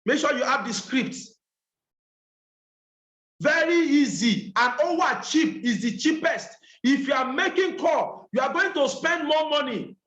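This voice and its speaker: Guy giving a training, really high voice, echoey dull audio, keeps repeating stuff for emphasis. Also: animated, unhurried, fairly bright tone. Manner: emphatic, repeats key points, mixes Yoruba and English. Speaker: business trainer. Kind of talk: online training session.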